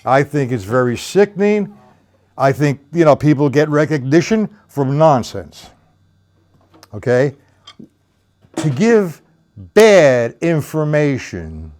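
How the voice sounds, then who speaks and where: A man's voice: on the high side, darkish tone. Blunt, rambling male drum teacher. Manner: blunt, rambling explanations between counted demonstrations. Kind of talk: live-streamed drum lesson. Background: drums played between talk.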